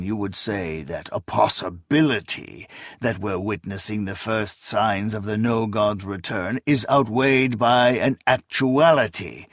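A man's voice: on the low side, husky, no echo, clean studio sound. A man voicing a cold, bitter old male sorcerer who snaps and sneers scornfully. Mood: mocking. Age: older.

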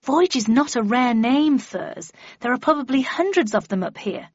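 A woman's voice: high voice, lively intonation, moderate pace, a little mellow, slightly rough, no echo, voice pushed up. A woman reading an audiobook, voicing a playful young man who teases with puns. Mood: dismissive. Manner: teasing, playful. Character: easygoing joking young man, fond of puns. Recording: dull lo-fi dry recording.

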